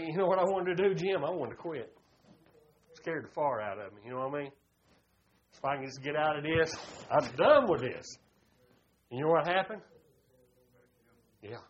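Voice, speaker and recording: A man, preaching a folksy sermon and calling his listeners "buddy.". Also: a little high. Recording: dull lo-fi recording.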